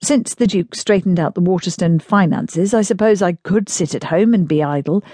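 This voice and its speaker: A woman reading an audiobook voices a dignified young gentleman with a mild, measured and dryly humorous way of speaking. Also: lowish voice, no room sound, studio quality, natural voice. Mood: wry.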